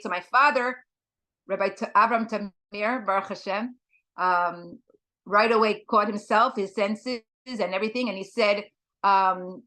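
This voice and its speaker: A woman giving a talk as a guest speaker, telling a personal story in an earnest, halting way with many fillers. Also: medium pitch, bright, forceful tone.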